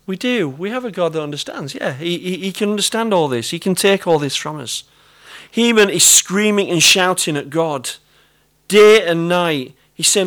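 Earnest British man preaching, slightly high voice. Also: lively intonation, normal speed, fairly bright tone. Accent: British English. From Britain. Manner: earnest, conversational, repeats key phrases. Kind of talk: sermon.

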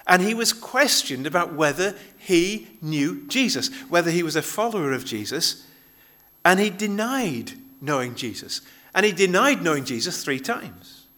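A man's voice: high voice, big pitch swings, moderate pace, pushed and bright. A male pastor giving a conversational sermon, often restarting his phrases as he explains a Bible passage.

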